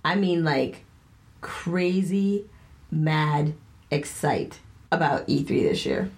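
A woman's voice: deep voice, expressive, takes it slowly, creaky, darkish tone. A woman with a Boston accent, co-hosting a casual podcast chat in an upbeat, chatty way. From Boston area, USA. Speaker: podcast co-host.

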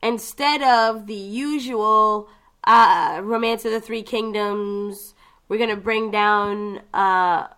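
A woman chatting casually about video games, telling the story with lively asides and quick mimicked voices. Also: medium pitch, clear, resonant tone. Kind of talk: casual gaming chat.

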